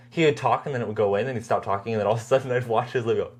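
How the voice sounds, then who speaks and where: A woman's voice: extremely low pitch, rapid-fire, background noise. A young adult woman co-hosting a podcast in casual chat, talking with lots of fillers and frequent laughs. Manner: chatty, laughs often, full of "like" fillers. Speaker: podcast co-host.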